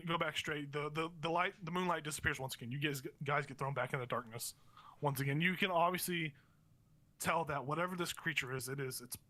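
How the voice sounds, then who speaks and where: A man's voice: on the high side, a little fast, sharp tone. A young man running a tabletop game as game master, narrating in a rambling way with many fillers and restarts.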